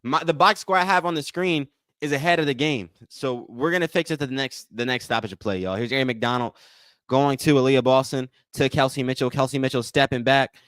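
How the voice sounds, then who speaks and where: A man's voice: medium pitch, brisk, a bit bright, clear, resonant tone, dry recording, clean studio sound. A man hosting a live watch-along, giving casual play-by-play and chatting with viewers, often repeating himself and calling them y'all. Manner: repetitive, addresses chat as y'all, thanks donors. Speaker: livestream host.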